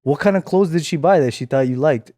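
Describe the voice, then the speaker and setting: A man's voice: fairly high pitch, fast talker, no room sound, studio quality. A man hosting a podcast, casually asking questions to draw out his co-hosts. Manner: relaxed, prompting questions. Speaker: podcast host. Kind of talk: casual chat.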